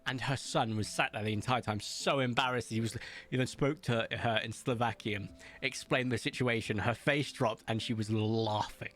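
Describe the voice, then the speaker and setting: A man streaming a game, chatting casually, reading viewers' messages aloud and telling stories, with big playful jumps in pitch. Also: steady tone, moderate pace, fairly bright tone. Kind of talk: casual chat while gaming, reading chat aloud.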